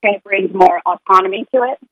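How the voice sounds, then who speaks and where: Earnest mom chatting about parenting. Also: female voice, medium pitch, quick pace, fairly bright tone, no room sound, dull audio. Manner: earnest, rambling, acts out sing-song parent scripts. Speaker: parent sharing potty-training experience. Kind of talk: casual podcast conversation.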